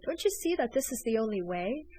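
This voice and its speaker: A woman puts on an excitable young gentleman smuggler in a storybook reading. His voice sits somewhat high, and he presses his case with urgent, pleading energy. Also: fairly quick, poor audio.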